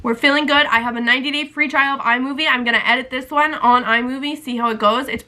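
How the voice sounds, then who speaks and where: A woman's voice: high voice, steady tone, fast talker, bright, forceful tone. A young woman vlogger telling a rambling story in a casual chatty style, full of "like" and acted-out quotes.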